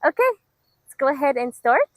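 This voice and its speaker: A young adult woman from Egypt teaching a beginner language lesson outdoors. She leads repetition drills slowly and clearly and praises the learners often. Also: high voice, very animated, no room sound, poor audio. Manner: slow, clear, encouraging drill delivery. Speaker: Arabic teacher.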